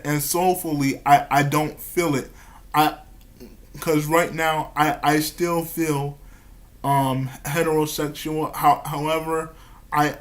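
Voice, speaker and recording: A man talking about his personal life in a vlog, halting and stammering, repeating his words and giggling nervously between phrases. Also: on the high side, fairly bright tone. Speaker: vlogger.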